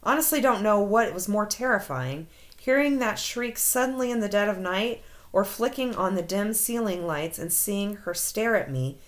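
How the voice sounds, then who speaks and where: A woman's voice: mid-range voice, animated, moderate pace. A woman co-hosting a casual chat, telling stories and reacting with frequent exclamations. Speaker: podcast co-host.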